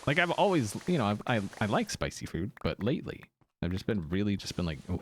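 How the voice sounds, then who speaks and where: Male streamer, low-ish and lively, rambling casual chat, faint hiss behind. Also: a little fast. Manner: rambling, animated, self-interrupting. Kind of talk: casual chat while gaming.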